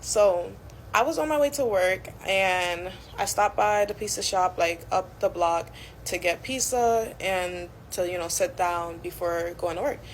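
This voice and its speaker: A woman's voice: lowish voice, unhurried, slight background noise, rough recording. A young woman telling a casual storytime, chatty and full of fillers like "like" and "you know".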